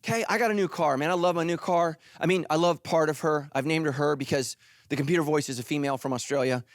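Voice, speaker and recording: A middle-aged male pastor preaching a sermon in an animated, joking way, acting out little voices. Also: on the high side, fast talker, no echo. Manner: animated, jokey, acts out voices.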